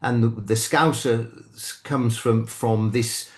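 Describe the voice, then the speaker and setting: An older man with a British English accent from England, chatting as a guest commentator, talking haltingly with many restarts and self-corrections. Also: medium pitch, steady tone. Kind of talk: casual chat.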